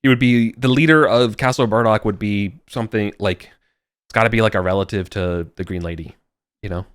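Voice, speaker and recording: A man's voice: fairly low pitch, brisk, clean tone, no room sound. A man narrating a tabletop game as game master, rambling and restarting his sentences. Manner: rambling, many fillers and restarts.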